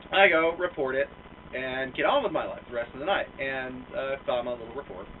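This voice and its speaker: A man's voice: mid-range voice, normal speed, distant mic, background noise. A young American man telling a rambling, profane story in a casual, self-mocking way, with lots of fillers. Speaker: vlogger. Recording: tinny lo-fi sound from off mic.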